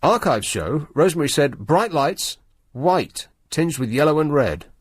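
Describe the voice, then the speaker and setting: Male radio host reading the paper out loud, sarcastic, very up and down voice, dry close mic. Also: fairly high pitch, very animated, measured pace, breathy edge, dry recording. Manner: wry, sarcastic asides. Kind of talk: late-night radio talk, reading the paper aloud. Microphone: studio microphone.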